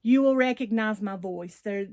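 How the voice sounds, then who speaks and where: A woman with a deep Southern country accent, chatting casually and at length to her viewers as a doll channel host. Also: normal speed, no echo. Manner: chatty and rambling, warm Southern slang.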